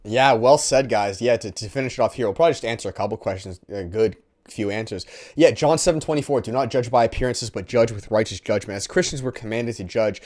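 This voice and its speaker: Blunt man host, rapid casual preaching, emphatic. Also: fairly low pitch, darkish tone. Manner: blunt, emphatic, many fillers and restarts.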